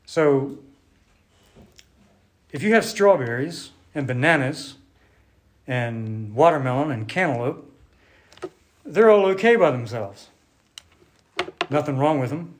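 A man giving a sermon to a congregation, unhurried and conversational, thinking aloud with restarts while drawing on a board. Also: medium pitch, very animated. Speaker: preacher.

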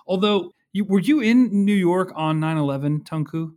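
A man's voice: sits high, moderate pace, darkish tone. A man hosting an interview who asks questions and steers the conversation in a friendly way. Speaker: interviewer host.

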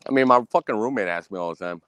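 This solo podcast host talks rapid-fire in a smooth, somewhat bright voice, recorded dry. His rant is angry and boastful, loaded with cursing and repetition, and he mimics others by pitching his voice up high.

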